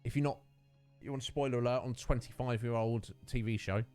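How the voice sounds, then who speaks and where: A man's voice: medium pitch, steady tone, a little fast, a little mellow, clean tone, faint music behind. A man streaming a video game, chatting casually and rambling through a rant with lots of fillers. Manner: rambling, ranting, many fillers.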